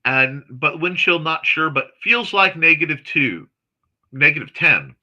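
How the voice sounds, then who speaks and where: Guy hosting a morning stream, reads chat out loud, voice bouncing all over, excitable and snarky. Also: fairly high pitch, muffled recording. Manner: chatty and excitable, quick asides and snarky jokes. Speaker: host of a morning livestream chat show. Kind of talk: casual livestream chat, reading viewer comments aloud.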